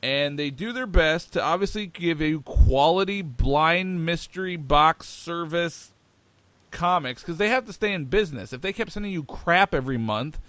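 A man chatting as a podcast co-host, excitable and rambling, with many ums. His voice sits a bit high for a man. The sound is dry and close, with no room echo. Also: moderate pace. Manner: enthusiastic, rambling, with many fillers. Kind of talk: casual podcast chat.

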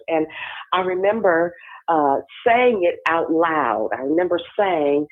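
A woman's voice: fairly low pitch, normal speed. Woman preaching over a tinny phone line. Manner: conversational, storytelling, checks in with the audience. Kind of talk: sermon.

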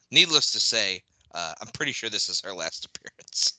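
A man hosting a casual watch-along podcast, relaxed, with laughing asides and trailing remarks. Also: lowish voice, moderate pace, no echo, rough recording. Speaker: podcast host.

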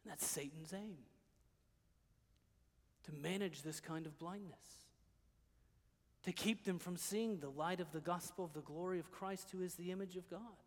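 High-voiced preacher with big dynamic swings. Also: male voice, normal speed, long pauses, long reverb tail. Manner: swings between quiet, hushed passages and loud, emphatic declarations. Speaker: pastor. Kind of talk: sermon.

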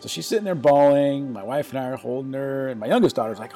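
Middle-aged male podcast co-host, halting casual storyteller, mid pitch, faint music bed. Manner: halting, repeats words, warm laughter.

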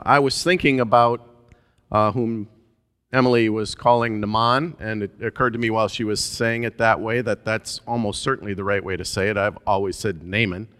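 A male pastor preaching a sermon in a relaxed, conversational way, musing aloud with frequent filler sounds. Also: fairly low pitch, clean tone, in a large hall. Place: church sanctuary.

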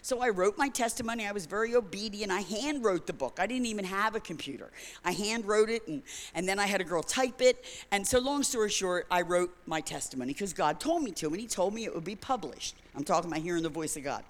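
A woman's voice: medium pitch, animated, fast. An older woman preaching a sermon in a conversational, emphatic way, telling personal stories. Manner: conversational, emphatic, self-correcting. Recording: long hall reverb.

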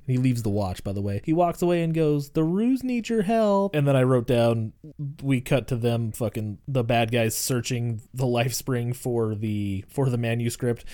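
A man in his thirties co-hosting a podcast, casually retelling a movie with lots of swearing and quick quoted voices. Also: mid-range voice. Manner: profane, animated storytelling with quick quoted voices. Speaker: podcast co-host. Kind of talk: casual movie recap chat.

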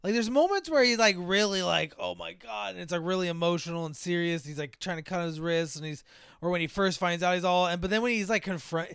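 An animated man riffs on a film with his co-host, swearing freely and slipping into exaggerated voices. His voice is bright and crisp, slightly high for a man, on a dry close mic. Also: quick pace, no echo. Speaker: podcast co-host. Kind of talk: casual movie chat.

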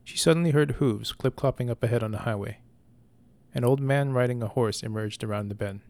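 Male storyteller, slow deliberate narration, gravelly mid-pitched voice. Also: darkish tone. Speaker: podcast storyteller. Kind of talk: scripted narration.

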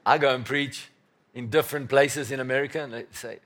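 A man preaching a sermon as pastor, emphatic and repetitive, swinging from loud bursts to quiet murmurs. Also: mid-range voice, steady tone, brisk.

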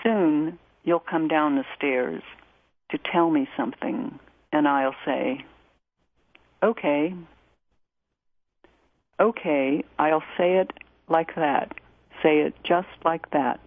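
A woman radio host reads a poem in a low, measured voice, taking her time over each line. The sound is thin and tinny, like a phone line, with no room around it. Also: no room sound. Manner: measured, deliberate reading. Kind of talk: poetry reading and music introduction.

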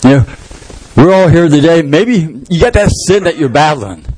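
Pastor, man, lively church preacher, slightly high voice, dramatizes with sound effects. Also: moderate pace, breathy edge, poor audio. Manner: animated storytelling with shouted sound effects. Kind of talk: sermon.

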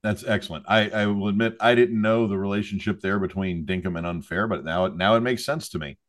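A man's voice: lowish voice, a little fast. A man hosting a fishing podcast, interviewing a guest and telling stories in a wry, self-deprecating way. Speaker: podcast host.

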